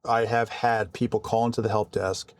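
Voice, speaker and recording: A man vlogging casually about his work, calm and conversational with frequent restarts. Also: on the low side, normal speed. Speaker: vlogger and IT support worker. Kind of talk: casual storytelling to camera.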